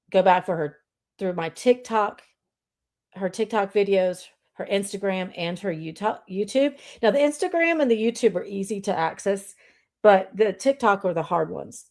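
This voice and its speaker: A woman's voice: medium pitch, darkish tone. A woman hosting a casual live stream, chatting with viewers and calling them y'all. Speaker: livestream host.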